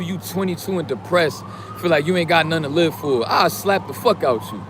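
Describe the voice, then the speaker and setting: A man delivers a casual motivational rant thick with street slang and swearing, swinging from calm preaching to loud, heated outbursts. His voice sits on the high side for a man. Traffic and street noise come through clearly behind him. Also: normal speed. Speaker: streamer giving motivational talk.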